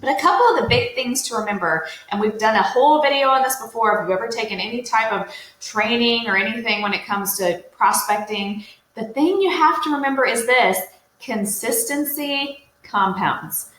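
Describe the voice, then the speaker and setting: A woman's voice: a little high, normal speed, fairly bright tone. A woman coaching real estate agents in a casual, upbeat, direct way, with lots of "you know"s. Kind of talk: casual motivational talk to agents. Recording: roomy echo.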